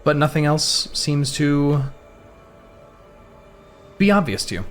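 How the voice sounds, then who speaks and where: A man narrating a tabletop game as game master, in a halting, thoughtful way. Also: a little high, sing-song, soft background music.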